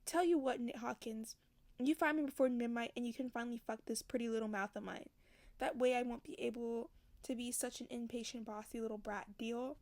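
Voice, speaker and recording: A woman reading the lines of a sharp-tongued, bossy young woman skater in a low, teasing tone, in an audiobook reading. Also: steady tone, brisk, no room sound, close to an everyday voice.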